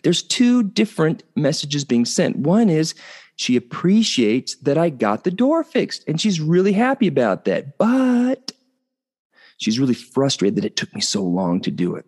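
Middle-aged male host, animated storyteller, very expressive pitch. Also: a little slow. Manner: animated, conversational, tags points with "okay?". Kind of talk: storytelling talk.

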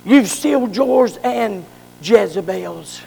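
A stern prophet pronounces doom, quiet and grave, as a preacher puts him on. The slow, gravelly voice drifts through a reverberant hall. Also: male voice, high voice, animated, voice pushed down, exaggerated voice.

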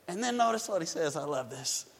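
A man preaching a sermon as pastor, swinging between loud urgent lines and quiet hushed ones. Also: a little high, sing-song, brisk, creaky, big-room sound, slight background noise.

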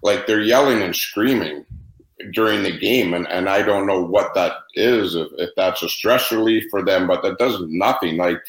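A man coaching hockey speaks passionately and emphatically in an interview. His voice sits fairly low. The sound carries a noticeable room echo. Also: normal speed. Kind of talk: casual interview answers.

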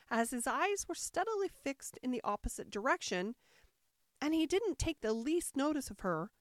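A woman reads a children's classic aloud, her voice rising and falling with a lively storytelling lilt. The sound is dry and close, with no room echo at all. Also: a little high. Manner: expressive, storytelling cadence. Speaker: audiobook reader. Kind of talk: storybook narration.

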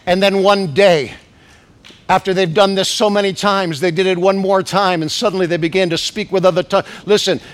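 A man preaching a sermon as bishop, acting out scripture quotes and swinging between shouted climaxes and soft asides. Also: high-pitched. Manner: acts out scripture quotes in raised voice. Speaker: pastor.

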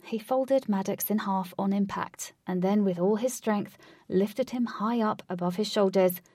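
A woman reads an adventure story aloud in a steady, clear voice at a middle pitch. The recording is dry and close, with no room sound around it. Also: unhurried, no echo. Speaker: narrator. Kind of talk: storybook narration.

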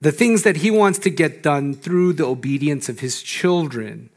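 Male pastor, sermon, slightly high voice, animated, shifts from loud emphasis to hushed lines. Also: moderate pace. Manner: laughs often between phrases.

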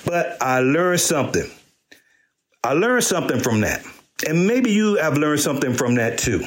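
A middle-aged man hosting a comedy show, telling a profane story and acting out quotes in sudden high bursts. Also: sing-song, moderate pace. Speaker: comedian host. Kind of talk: storytelling stand-up monologue.

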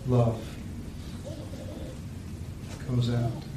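A man preaching, telling a sermon story in a slow, solemn, hushed way. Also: medium pitch, monotone, very noisy. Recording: very echoey room, distant mic.

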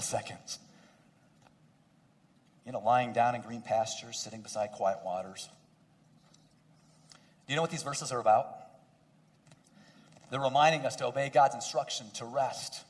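A man preaching a sermon as pastor, talking to the congregation in a conversational way and dropping to hushed emphasis for key points. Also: mid-range voice.

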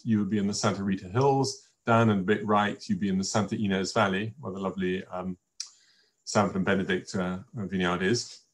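An older man giving an informal wine-tasting talk from home, telling anecdotes with many ums and restarts. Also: lowish voice. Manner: rambling anecdotal storyteller with many fillers and restarts. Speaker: wine presenter. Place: home in a village.

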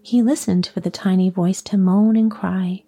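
A woman narrating a classic children's story in a soft, partly whispered storytelling voice. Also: medium pitch, steady tone, moderate pace, husky, faint music behind.

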